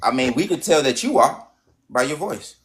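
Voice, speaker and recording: An insistent man hosts a casual livestream with callers. He repeats his points again and again and talks over anyone who strays. His voice sits at an everyday middle pitch. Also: lively intonation, moderate pace, fairly bright tone. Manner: insistent, repeats himself, keeps cutting in. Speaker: livestream host.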